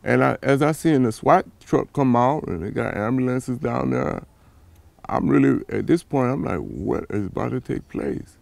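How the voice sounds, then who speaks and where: A man's voice: medium pitch, moderate pace, creaky, no echo. A father telling his own story in an interview, acting out past dialogue with animation. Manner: animated, acts out dialogue in a raised voice. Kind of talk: personal account.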